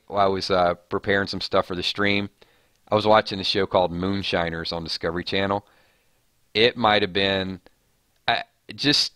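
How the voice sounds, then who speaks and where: A man's voice: low voice, pushed and bright, no room sound, studio quality. A man hosting a casual live stream, chatting and joking as he reads viewer comments. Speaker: livestream host. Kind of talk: casual chat.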